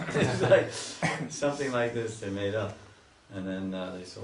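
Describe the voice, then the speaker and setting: A man, a swami, telling a devotional story in a slow, lingering sermon style. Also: fairly low pitch, background noise. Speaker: swami giving a spiritual talk. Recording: echoey room, mic far off.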